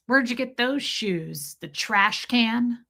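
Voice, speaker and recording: A woman's voice: a little high, lively intonation, slow pace, creaky, bright, forceful tone, exaggerated voice. A woman voicing a scornful elderly woman who mocks someone's shoes. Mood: sneering.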